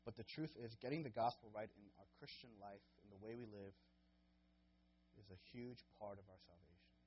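A man's voice: fairly low pitch, a little fast, muffled recording, a little hiss or hum. A man preaching a sermon as a pastor, earnest and conversational, growing impassioned when he quotes and pleads.

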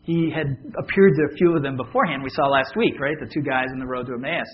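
Male pastor, mid-pitch, chatty sermon delivery with asides to the room; dull lo-fi recording, faint noise. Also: quick pace. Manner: conversational, joking with the congregation.

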